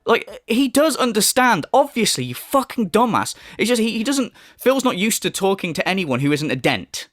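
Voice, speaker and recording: A man's voice: sits high, sing-song, moderate pace, few pauses, fairly bright tone, no echo, clean studio sound, faint music behind. A man delivering a profane, mocking commentary rant, often mimicking others in sneering voices. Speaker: commentary YouTuber. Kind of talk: ranting commentary.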